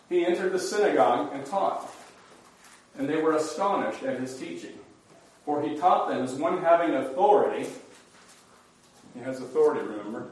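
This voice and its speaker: Man teaching a Bible class, from afar. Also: recorded from a distance. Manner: conversational, acts out the quoted voices with rising pitch. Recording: roomy hall recorded from afar.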